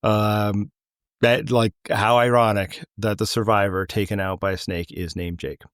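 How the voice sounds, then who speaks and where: A man's voice: on the low side, level tone, measured pace, no room sound, clean studio sound. A middle-aged man with a Canadian accent, hosting a casual podcast chat in a loose, rambling way that wanders mid-sentence. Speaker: podcast host.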